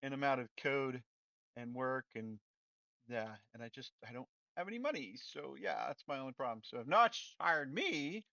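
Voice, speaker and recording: A man chatting his way through a coding stream, rambling and breaking off mid-thought before winding himself up into excited rants. His voice is bright and forceful. It sounds dry and a little dull, like a basic home mic. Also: mid-range voice, normal speed, gravelly, no echo. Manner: rambling and self-interrupting, turns loud and excited when ranting. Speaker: programming streamer. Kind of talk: casual livestream chat while coding.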